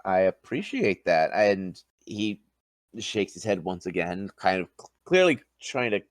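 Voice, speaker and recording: A man running a tabletop game, narrating and calling rolls in a relaxed, plain manner. His voice sits low, and the sound is dry and close. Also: measured pace, no room sound. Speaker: game master.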